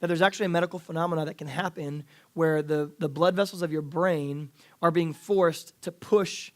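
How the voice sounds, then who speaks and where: A man in his thirties gives a youth sermon in a slightly high voice. He talks in a casual, earnest way, full of "like" and false starts. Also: fairly even intonation, moderate pace. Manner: casual, earnest, many fillers and restarts. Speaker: youth pastor. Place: church youth service.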